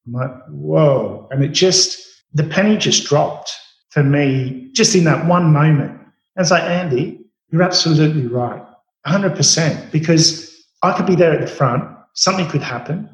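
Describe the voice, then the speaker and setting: A middle-aged man, a chef, telling stories in an interview with a relaxed, rambling manner full of fillers and restarts. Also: on the high side, moderate pace. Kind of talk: storytelling interview answers. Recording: roomy echo.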